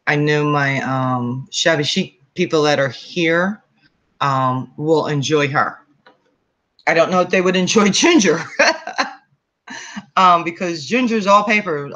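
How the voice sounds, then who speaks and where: A woman's voice: low-pitched, a bit bright. A woman hosting a casual craft livestream, chatting with viewers in a rambling way with many ums and restarts. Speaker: craft channel host.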